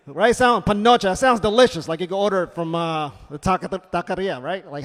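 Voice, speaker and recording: A fairly high-pitched man working a comedy club crowd, with a punchy, animated delivery. He slips into silly voices for his bits. His voice rings with the long reverb of the venue. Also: fast, hardly any pauses. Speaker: stand-up comedian. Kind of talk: stand-up set.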